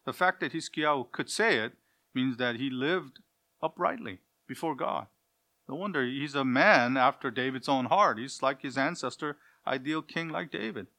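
A man preaching a sermon in an earnest, pleading way, asking his listeners direct questions and shifting between loud emphasis and quiet passages. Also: fairly high pitch.

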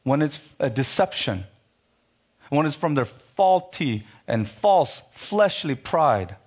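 A man delivers a sermon and reads scripture, his pitch rising sharply when he rebukes and then dropping low for emphasis. The sound is lo-fi.

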